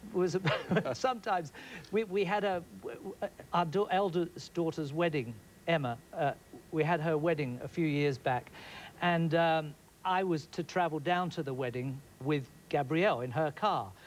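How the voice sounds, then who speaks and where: A middle-aged man telling animated, laughing anecdotes as a guest in an interview. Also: a little high, normal speed, a little hiss or hum, low-quality recording. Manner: animated, laughing often, acts out scenes. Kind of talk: anecdotal storytelling.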